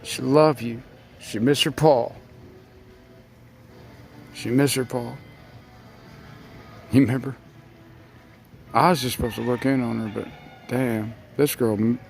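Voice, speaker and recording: A man giving a rambling, impassioned monologue, speaking straight to his listeners and swinging between loud outbursts and near murmurs. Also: mid-range voice, a little slow, vocal fry, pauses often, soft background music.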